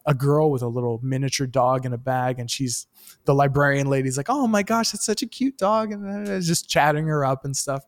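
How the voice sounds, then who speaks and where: A man, a stand-up comedian, telling stories in casual chat, animated and swearing freely. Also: medium pitch. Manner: animated storyteller, swears freely, acts out the people in his stories. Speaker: stand-up comedian, podcast co-host.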